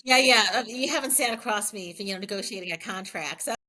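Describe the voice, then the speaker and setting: A woman's voice: mid-range voice, fast, pushed and bright. A middle-aged woman, a health plan president, speaking candidly in an interview and telling stories with quoted dialogue. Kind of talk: conversational interview storytelling.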